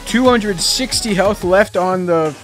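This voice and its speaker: A booming, over-the-top male sports announcer, as a young man puts him on shouts the play-by-play in a raised, higher voice. He hypes every move with a big arena-style flourish. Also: unhurried, faint music behind. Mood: hyped. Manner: loud, hyped, addresses ladies and gentlemen.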